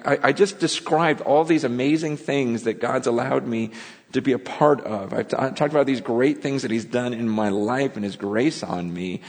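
A man's voice: medium pitch, creaky. A man preaching a sermon in an earnest, conversational way, often restarting and stumbling over his words. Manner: earnest, conversational, with many restarts and emotional asides. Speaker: pastor. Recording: long hall reverb.

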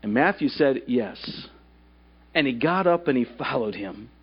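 A man's voice: medium pitch, expressive, measured pace, slightly rough. Guy preaching a sermon in church, keeps asking the crowd questions, voice jumps all over, kinda muffled lo-fi recording. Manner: asks the congregation rhetorical questions. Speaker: pastor. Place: church service.

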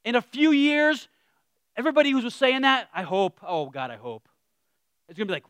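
A man preaching a casual, humorous sermon, animated, with self-deprecating asides that trail off quietly. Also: very high-pitched, a little fast, pauses often, clear, resonant tone, no room sound, studio quality.

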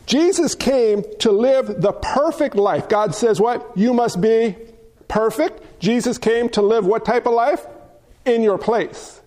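Male pastor with a very high voice, preaching emphatically and asking rhetorical questions. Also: a little slow, darkish tone. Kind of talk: sermon.

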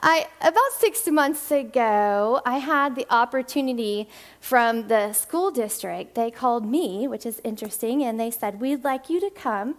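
A woman who directs a church's family and children's ministry gives a chatty talk to the congregation, laughing often and acting out the voices she quotes. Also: a little high. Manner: rushed bursts of speech with restarts.

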